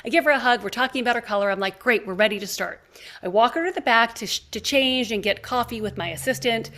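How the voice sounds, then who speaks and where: A woman's voice: on the high side, fast talker, slight background noise. A woman in her fifties hosting a podcast, telling an anecdote animatedly and acting out the other people in it. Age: 50s. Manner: animated storyteller acting out quoted dialogue. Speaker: podcast host. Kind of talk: casual conversation, storytelling.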